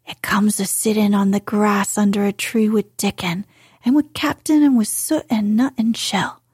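A woman's voice: mid-range voice, steady tone, normal speed, a little mellow, husky, dry recording, clean studio sound. A woman voicing a bold young girl in a storybook, whispering her lines in a broad Yorkshire accent. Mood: playful. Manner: put-on broad dialect, whispery.

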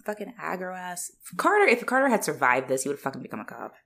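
Young woman co-host, low-ish voice with a lively swing, cursing and laughing through a film recap. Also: quick pace. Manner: profane, animated, laughs often. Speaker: podcast co-host. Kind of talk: casual movie recap chat.

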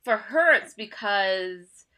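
A woman's voice: medium pitch, lively intonation, slow pace, bright, forceful tone. An American woman co-hosting a casual book podcast, giggly and laughing often, full of "like" fillers. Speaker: podcast co-host.

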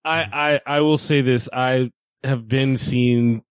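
A man's voice: medium pitch, fairly even intonation, slow, smooth, dry recording. A man co-hosting a fan podcast in casual chat, amused and incredulous, talking in loose bursts full of "like". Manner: amused, incredulous, many "like" fillers. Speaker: podcast co-host.

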